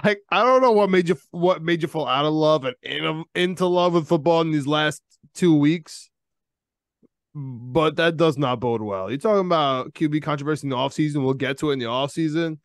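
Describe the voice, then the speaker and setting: A young man, co-hosting a casual sports podcast, rambling and excitable, laughing often. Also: a little high, moderate pace, no echo, clean studio sound. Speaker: podcast co-host.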